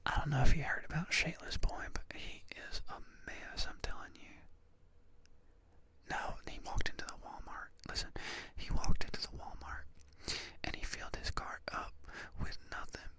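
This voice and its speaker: A man's voice: moderate pace, lightly acted. A man doing a gossipy neighbor, whispered role-play. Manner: conspiratorial, emphatic whisper. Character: gossipy small-town neighbor spilling rumors.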